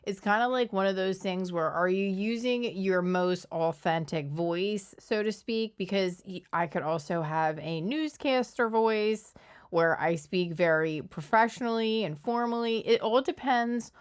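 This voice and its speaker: A woman's voice: mid-range voice, a little slow, smooth. A woman from Philadelphia with a Philadelphia accent, hosting a casual, opinionated commentary video. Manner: conversational, opinionated, analytical. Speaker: commentary channel host.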